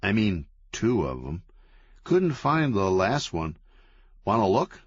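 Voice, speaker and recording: A man voicing a dim, drug-hungry slacker sidekick who talks in a slow, dopey drawl. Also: fairly low pitch, very animated, breathy edge, no room sound, full character voice. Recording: dull, lo-fi, dry.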